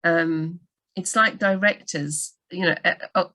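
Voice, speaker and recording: Woman, book doctor, fairly low voice, animated, self-interrupting, live Q&A, video call. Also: a little slow. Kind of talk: live Q&A writing advice session.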